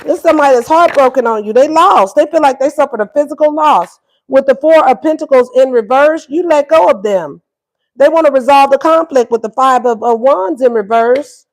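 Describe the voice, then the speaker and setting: A woman's voice: high voice, brisk. A woman giving a casual tarot reading, sassy and acting out what the lovers would say. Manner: sassy, acts out voices of both lovers. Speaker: tarot reader.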